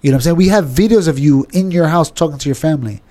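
A man's voice: fairly high pitch, rapid-fire, mellow. A man in casual podcast chat, rambling with many restarts and fillers, calling people "bro". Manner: calls listener "bro".

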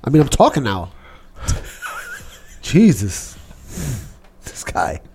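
A man's voice: medium pitch, takes it slowly, slight background noise. A man co-hosting a casual stream, rambling and joking as he tells stories. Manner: joking, rambling, animated storytelling. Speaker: stream co-host.

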